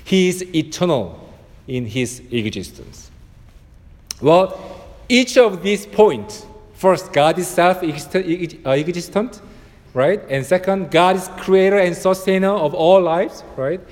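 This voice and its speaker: A man with a high voice and as a delivers a sermon as pastor. He speaks slowly, leaning on repetition to build each point. His voice rings through a long hall reverb. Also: lively intonation, darkish tone. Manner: preaching with repeated phrases and swelling emphasis.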